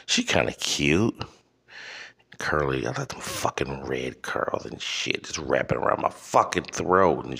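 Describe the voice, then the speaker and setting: A man hosting a podcast, delivering a rambling, profane comedic rant with halting restarts. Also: a bass voice, gravelly, a bit bright. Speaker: podcast host.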